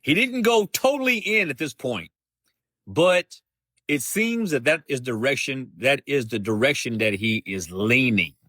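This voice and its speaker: A man hosting a live Bible study, reading scripture aloud and explaining it in a slow, deliberate way, often restating himself. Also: medium pitch, animated, sharp tone, dry recording, clean studio sound. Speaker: host of a Bible study show.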